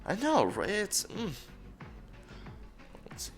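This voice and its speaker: A man's voice: high voice, wildly swooping pitch, slow pace, soft background music. A young man co-hosting a casual chat, joking and laughing often. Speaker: podcast co-host.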